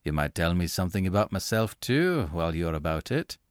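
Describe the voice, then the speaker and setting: A man reading aloud plays a serious, whimsical young man who speaks with precision and a deadpan manner. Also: low-pitched, brisk, no room sound, studio quality, voice pushed down. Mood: grave. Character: grave, whimsical red-haired young man.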